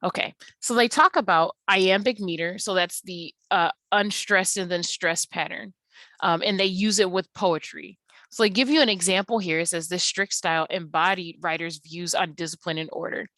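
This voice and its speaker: Woman teacher explaining slides, low and dry. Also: normal speed, a bit bright, no echo. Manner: explanatory, with frequent ums and uhs. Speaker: English teacher. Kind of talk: recorded slide lecture.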